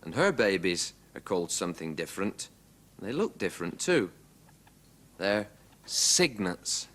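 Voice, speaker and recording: A man presenting a children's show, gently naming mother animals and their babies for young children. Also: low voice, very animated. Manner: slow, gentle, clear explaining.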